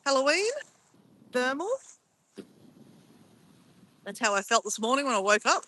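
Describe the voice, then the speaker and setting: A woman's voice: sits high, expressive, a little slow, sharp tone, poor audio. A middle-aged woman chatting casually on a live stream from a phone held at arm's length, playful and giggly as she exclaims over camera filters. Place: outdoors near a beach.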